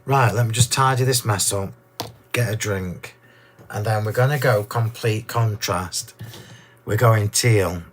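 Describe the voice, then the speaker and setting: A man hosting a card-making demonstration, chatty and gushing, a little hoarse from losing his voice. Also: lowish voice, unhurried, soft background music. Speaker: crafting demo host.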